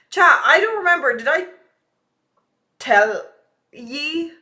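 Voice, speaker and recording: A young woman with a slightly high, bright voice ranting to her chat. She talks casually, full of swearing. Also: lively intonation, slow. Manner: profane, ranting, chatty. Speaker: streamer. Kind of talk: casual live-stream chat.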